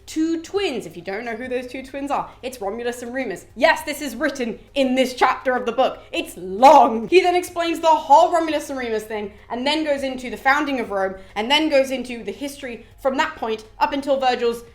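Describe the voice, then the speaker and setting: A woman casually retelling a classic epic for viewers, joking and slipping into quick character voices. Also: expressive. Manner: chatty, jokey, acts out characters' lines with raised pitch. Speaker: literature summary vlogger.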